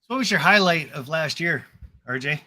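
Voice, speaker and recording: A man's voice: on the high side, expressive, moderate pace, bright, forceful tone. A man hosting a casual live stream, chatting in an upbeat, rambling way.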